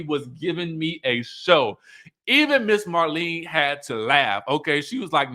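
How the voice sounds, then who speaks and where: A man hosting a casual recap, chatting in an animated way and laughing often. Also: a little high, moderate pace. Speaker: YouTube recap host. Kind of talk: casual reality TV recap commentary.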